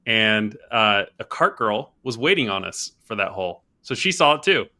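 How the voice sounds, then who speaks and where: A man's voice: on the low side, sing-song, normal speed, sharp tone. A man co-hosting a golf podcast, telling an anecdote with enthusiasm in casual chat. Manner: enthusiastic storyteller. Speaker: podcast co-host.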